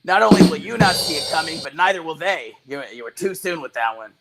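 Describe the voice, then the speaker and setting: A man's voice: fairly high pitch, expressive, gravelly, over loud music. A man co-hosting a comedy show, bantering playfully and jumping into bits. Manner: playful, quick to jump into bits. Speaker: comedy co-host. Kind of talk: banter and riffing.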